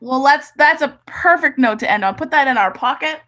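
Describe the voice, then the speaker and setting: A Canadian woman hosting a podcast interview over a video call, animated and chatty, laughing often and restarting her sentences. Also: sits high, fairly quick. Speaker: podcast host. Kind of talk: casual interview chat.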